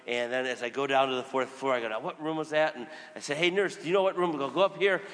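A priest preaches in a conversational, storytelling way, acting out the people he quotes. His voice is bright and clear, and it rings with the long reverb of a church. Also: mid-range voice, quick pace. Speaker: Catholic priest. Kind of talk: sermon.

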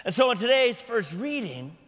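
A man preaching a sermon in a dramatic manner, swinging from shouting to hushed whispers. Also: very high-pitched, very animated, normal speed, in a large hall.

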